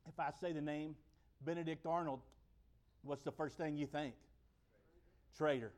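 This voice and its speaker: A man preaching in a fairly high voice, chatting with his congregation like friends. He swells to loud emphatic peaks, then settles low and slow for the scripture. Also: fairly even intonation. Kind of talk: sermon.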